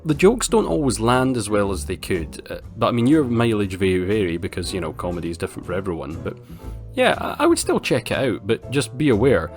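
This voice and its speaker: A Scottish man giving a casual film review, blunt and wryly sarcastic. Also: on the low side. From Scotland.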